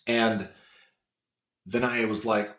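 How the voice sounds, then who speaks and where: A man with a raspy voice, chatting casually as a podcast guest and telling animated stories with a lot of swearing. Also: fairly low pitch, takes it slowly. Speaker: guest, voice impressionist. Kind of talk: casual interview chat. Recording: roomy echo.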